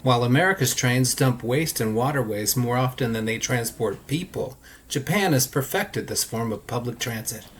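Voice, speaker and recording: American dad, voice-over narrator, wry deadpan delivery, mid-pitched, faint hiss behind. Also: male voice, normal speed, hardly any pauses. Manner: dry, wry humor. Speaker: father narrating family travel vlog.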